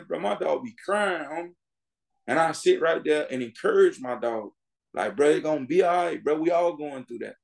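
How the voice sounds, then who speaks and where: A man from Miami talking as a podcast guest, his voice gravelly with fry. He speaks in an emphatic, sermon-like way, calling his listener bro and driving his points home. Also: on the high side, darkish tone. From Miami, Florida. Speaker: music artist guest. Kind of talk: casual podcast interview.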